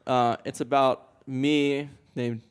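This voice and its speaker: A man's voice: mid-range voice, level tone, slow, smooth. A young man co-hosting a casual podcast, goofy and playful as he runs the intro. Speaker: podcast co-host. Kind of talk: casual chat.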